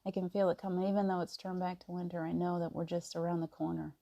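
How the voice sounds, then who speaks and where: A gentle woman hosts a casual live stream and chats with viewers, greeting each one by name. Her voice sits a little low and has a gravelly edge, with a warm, mellow tone. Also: level tone, fast. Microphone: device mic on a video stream.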